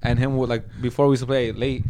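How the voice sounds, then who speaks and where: A man's voice: mid-range voice, fast. A young man animatedly telling stories and swearing in casual podcast chat. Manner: animated, profane storyteller. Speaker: podcast co-host.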